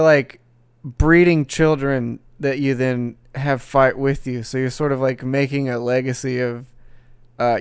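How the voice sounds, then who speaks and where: A man's voice: medium pitch, clear, resonant tone, no echo, studio quality. A young man hosting a casual gaming podcast, rambling, swearing and laughing as he talks. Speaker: podcast host.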